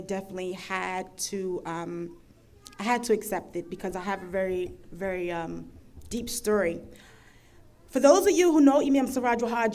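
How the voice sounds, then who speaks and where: A woman's voice: medium pitch, darkish tone, slight background noise. A woman in her thirties from the United States giving an earnest, emphatic personal testimony as a panel speaker. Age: 30s. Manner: earnest, emphatic, building to passionate intensity.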